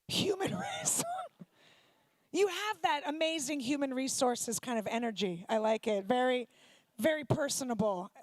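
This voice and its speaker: A woman's voice: high voice, animated, normal speed, no echo. A woman doing stand-up comedy with crowd work, sarcastic, brash and profane. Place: synagogue comedy night stage.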